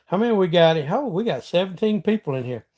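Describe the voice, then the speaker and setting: A man's voice: high voice, big pitch swings, fast talker, darkish tone. A middle-aged man from Georgia with a Southern accent, hosting a casual live stream and chatting with viewers in a folksy way. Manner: folksy, chatty, reads out and answers viewer comments. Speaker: livestream host.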